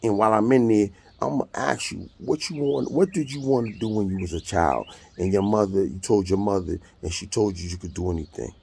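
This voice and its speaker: A gravelly, husky-voiced American storyteller in his 50s recounts a court hearing bluntly and profanely in a casual monologue, talking briskly with hardly any pauses. His pitch is fairly low and his tone darkish, and a little hiss or hum can be heard.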